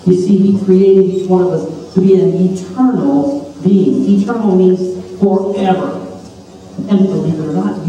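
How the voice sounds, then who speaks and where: A man, preaching an animated, jokey story sermon to kids at camp. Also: high-pitched, measured pace, highs cut off. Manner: animated, playful, jokey asides. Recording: echoey hall from far off.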